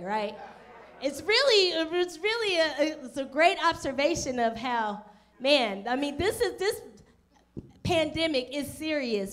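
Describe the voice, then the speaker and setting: Woman, pastor, sermon, high-pitched, emphatic, folksy, call-and-response. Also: a bit bright. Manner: conversational, slips into casual folksy speech. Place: church, also streamed online.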